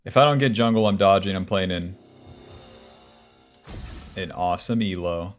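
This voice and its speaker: A man's voice: deep voice, normal speed, soft background music. A man streaming a video game, chatting casually with a wry, profane, grumbling manner. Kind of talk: casual gaming stream chat.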